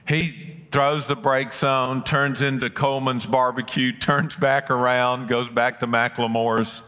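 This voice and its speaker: A man preaching in a big hall with a long, ringing reverb. His voice is bright and forceful. He tells a childhood story in a folksy way and acts out the voices of the people in it. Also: medium pitch, little pitch movement, unhurried, few pauses. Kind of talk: sermon with personal storytelling.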